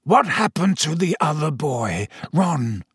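A man reading aloud, voicing a weak, emotional older fugitive with a croaky voice. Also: on the high side, very animated, slow, fairly bright tone, dry recording, clean studio sound, heavily acted. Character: weary escaped older man, weak and hoarse.

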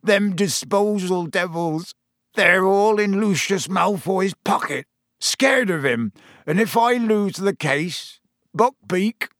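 A man doing Hagrid, a huge rough-spoken gamekeeper. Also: a little high, lively intonation, unhurried, a bit bright, no room sound, clean studio sound, voice pushed up, full character voice. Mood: distraught. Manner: broad rustic dialect speech.

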